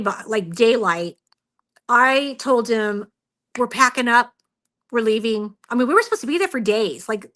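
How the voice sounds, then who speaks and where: A woman's voice: a little high, bright, forceful tone. A woman guest on a radio show, earnestly telling a frightening personal experience with many fillers and quoted thoughts. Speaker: guest, Bigfoot researcher.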